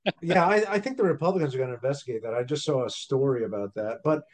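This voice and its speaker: A man's voice: medium pitch, fast talker, slight background noise. A man in casual political chat, emphatic and insistent. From United States.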